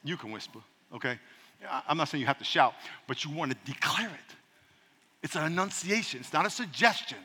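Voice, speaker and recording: A man's voice: a little high, animated, brisk, pushed and bright, slightly rough, big-room sound. A man preaching a sermon as pastor, calling on the congregation to repeat after him, with playful asides. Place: church.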